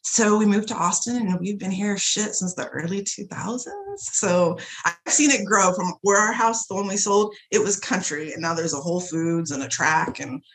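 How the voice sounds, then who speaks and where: A woman guest telling personal stories in a casual chat, lively and swearing freely. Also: mid-range voice, normal speed, few pauses. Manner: animated, profane, swears freely. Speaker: guest, shop owner.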